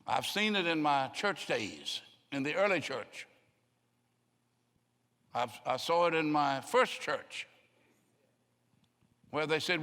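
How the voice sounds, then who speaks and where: Older guy preaching in a church, kinda high voice, big echoey hall, folksy storytelling. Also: sing-song, unhurried, fairly bright tone. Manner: folksy storytelling, acts out voices of people he quotes. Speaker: pastor. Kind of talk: sermon. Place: church sanctuary. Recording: long hall reverb.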